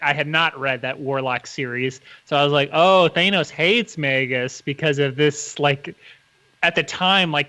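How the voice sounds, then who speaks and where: A man gushes about comics on a casual podcast, piling up fillers as he talks. His voice is somewhat high and bright. He sounds keen and animated. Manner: enthusiastic, rambling with many fillers. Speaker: podcast co-host.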